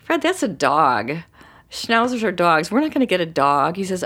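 A middle-aged woman telling a personal story in a casual, animated way, acting out what people said. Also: on the low side, moderate pace. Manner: animated, acts out quoted voices. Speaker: storyteller guest.

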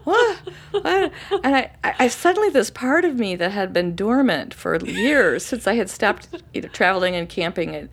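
Woman guest, mid-pitched, chatty storyteller, animated with hushed moments. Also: normal speed, hardly any pauses, slightly rough. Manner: animated, acts out quoted voices with sudden high bursts; drops to soft, hushed narration for calm moments. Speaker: interview guest. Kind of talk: casual storytelling.

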